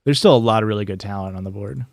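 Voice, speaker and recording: A man's voice: fairly low pitch, very fast, no room sound. A young man streaming and chatting casually, telling stories in a rambling way, full of fillers and restarts. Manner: rambling storyteller, many "like"s and restarts. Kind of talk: casual chat while gaming.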